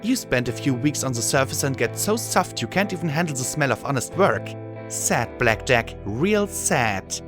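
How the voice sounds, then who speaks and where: A man's voice: a little high, sing-song, normal speed, over music, voice pushed up. A man voicing a blunt young female pony mechanic with a teasing tone.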